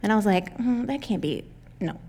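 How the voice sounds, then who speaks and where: A woman's voice: mid-range voice, expressive, a little fast, dark tone. A young adult woman pastor giving a conversational sermon, candid and self-deprecating, often laughing as she talks.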